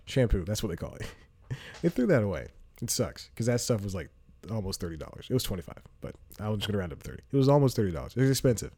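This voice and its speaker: Guy rambling on his solo podcast, laughs at himself a lot, low warm voice. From Georgia, USA. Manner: rambling, self-mocking, laughs often. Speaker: podcast host. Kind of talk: casual solo podcast chat. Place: small apartment room. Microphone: headphones and studio microphone.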